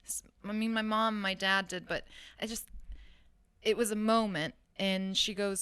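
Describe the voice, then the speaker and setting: A woman's voice: mid-range voice, steady tone, a little slow, fairly bright tone, smooth. A woman in her thirties from the San Francisco Bay Area, telling her story as a guest in a casual interview, candid and chatty with frequent laughs and fillers. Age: 30s. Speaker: guest fashion designer.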